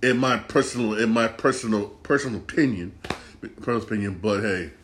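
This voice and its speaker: A man's voice: lowish voice, fairly quick, fairly bright tone, slight background noise. A man hosting a casual solo podcast, rambling and repeating himself, with slangy, profane talk. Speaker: podcast host.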